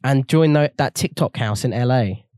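A young man co-hosting a podcast, chatting in a relaxed, slightly hesitant way. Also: mid-range voice, moderate pace, clean tone, no echo, studio quality. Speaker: podcast co-host. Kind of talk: casual chat.

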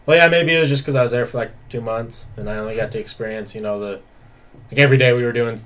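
A man's voice: medium pitch, quick pace, a bit bright. A man co-hosting a podcast, telling profane stories in laid-back casual banter.

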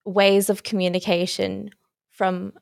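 A young woman hosts a podcast interview and asks questions in a tentative way, often pausing to rephrase. Her voice has a medium pitch and sounds close and dry, with no room echo. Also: level tone, gravelly. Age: young adult. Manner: hesitant questions with many sort-of fillers. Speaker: podcast host.

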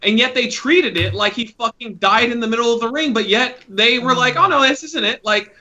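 High, bright-voiced man telling a story. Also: normal speed, lo-fi sound. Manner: animated, swearing storyteller. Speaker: podcast co-host. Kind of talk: casual chat.

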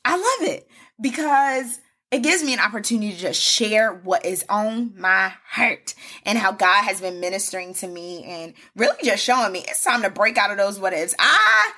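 A woman's voice: mid-range voice, normal speed, sharp tone, breathy edge. A woman hosting a solo devotional podcast, preaching fervently in a repetitive cadence and calling listeners "baby" and "y'all". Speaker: podcast host.

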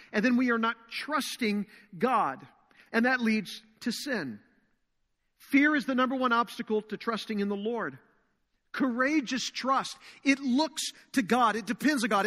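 Man preaching, sharp bright tone, earnest, drawn-out emphasis, echoing church hall. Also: high voice. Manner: earnest, slows and stresses key phrases. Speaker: pastor. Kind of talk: sermon. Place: church sanctuary. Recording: long reverb of a large hall.

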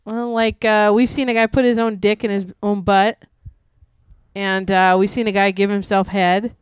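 A woman podcast host in crude, joking casual chat, reacting loudly. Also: medium pitch, level tone, moderate pace, smooth, dry recording.

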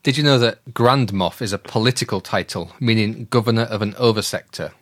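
A man's voice: lowish voice, brisk, a bit bright, no echo. Man hosting a quiz. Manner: explanatory, teasing. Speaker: quiz host. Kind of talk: casual podcast quiz.

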